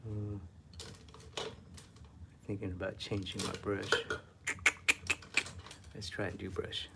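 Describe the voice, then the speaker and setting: Man, art teacher painting on camera, low gravelly voice, mutters and whispers self-critically. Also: little pitch movement, slow pace, pauses often, heavy background noise. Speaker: art instructor. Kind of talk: painting demo with self-talk.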